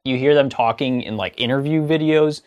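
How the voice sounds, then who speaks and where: A comedy vlogger talks to camera in a casual comedic monologue, chatty and sarcastic, now and then breaking into mocking sung parodies. His voice is medium-pitched, a little mellow, and smooth, and he speaks fairly quickly, with the highs cut off in the recording.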